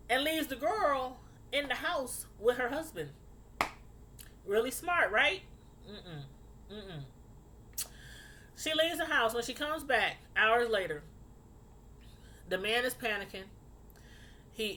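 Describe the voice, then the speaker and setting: A woman casually recounting a true crime story to her viewers, getting animated and outraged as she tells it. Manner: animated, outraged, rising high when indignant.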